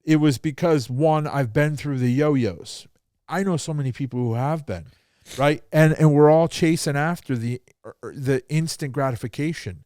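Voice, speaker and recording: A man's voice: fairly high pitch, moderate pace, darkish tone, no echo, studio quality. A man hosting a podcast who tells stories casually and bluntly, swearing freely and acting out both sides of a conversation. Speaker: podcast host.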